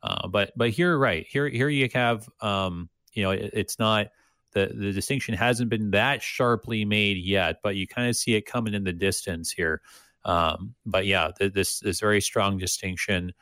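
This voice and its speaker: A man's voice: lowish voice, moderate pace, fairly bright tone, no room sound, studio quality. A man co-hosting a casual Bible discussion, talking with many restarts and fillers and reading passages aloud. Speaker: Bible study co-host.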